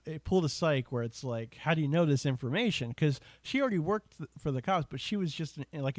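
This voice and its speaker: A man's voice: mid-range voice, darkish tone, no room sound. A man hosting a casual online show, rambling enthusiastically with lots of fillers and asides. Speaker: podcast host. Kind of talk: casual chat.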